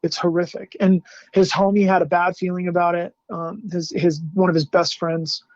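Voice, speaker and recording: A man's voice: high voice, little pitch movement, moderate pace, no room sound. A man from Salt Lake City telling a painful personal story as a podcast guest, speaking in a candid, slangy and emotional way. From Salt Lake City, USA. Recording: dull lo-fi dry sound.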